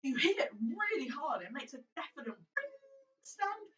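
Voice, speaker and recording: A woman narrating a tabletop game as dungeon master in a casual, lively way. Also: sits high, moderate pace. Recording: distant muffled room recording.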